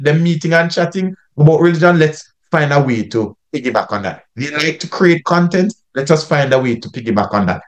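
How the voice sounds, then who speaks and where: Jamaican male pastor, mid-pitched, teaching style, asks lots of rhetorical questions. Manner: rhetorical questions, climbs in pitch when stressing points. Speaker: pastor presenting to youth workers. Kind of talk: teaching talk.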